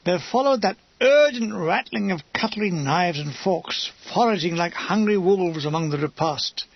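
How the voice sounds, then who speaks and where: Reading a comic war memoir laced with wry description, this male audiobook narrator has a high, gravelly voice with a husky tone. He's expressive and speaks at normal speed, while the recording sounds dry and dull.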